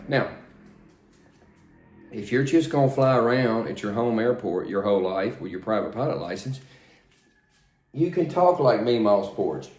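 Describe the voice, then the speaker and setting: An older man working as a flight instructor, coaching in a plain, steady, repetitive way. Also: medium pitch. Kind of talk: spoken instruction, demonstrating radio calls. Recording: roomy echo.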